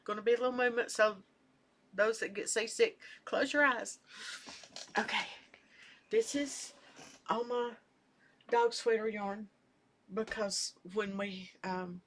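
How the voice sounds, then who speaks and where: An older woman chatting casually at home as a knitting vlogger, rambling and soft-spoken, sometimes trailing off into near-whispers. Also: medium pitch, takes it slowly, pauses often. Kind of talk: casual chat.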